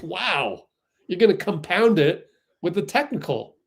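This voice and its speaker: A man hosting a fan livestream, giving excitable live play-by-play and getting outraged at the referees. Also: high-pitched, measured pace, gravelly, breathy edge.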